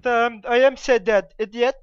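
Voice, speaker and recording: In a game's voice chat, a gamer speaks broken English at a moderate pace in an extremely high, steady-toned voice. He keeps adding the same stock phrase to his sentences and swaps playful insults, and the audio is slightly dull with faint noise.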